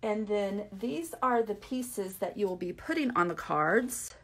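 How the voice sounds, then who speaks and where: A woman's voice: medium pitch, animated, measured pace. A woman giving a casual, upbeat craft tutorial, chatting to viewers as she walks through a card kit. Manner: chatty and upbeat, many fillers and asides. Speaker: craft demonstrator.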